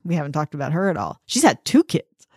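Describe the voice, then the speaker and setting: A woman's voice: low voice, big pitch swings, quick pace, darkish tone, slightly rough, no echo, studio quality. A woman hosting a tennis podcast, chatting casually and with strong opinions, often laughing. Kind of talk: casual chat.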